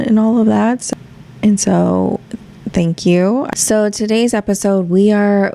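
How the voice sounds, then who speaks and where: Her voice is dark and medium-pitched, with vocal fry. She's a podcast host in casual solo chat, rambling candidly to her listeners and swearing freely.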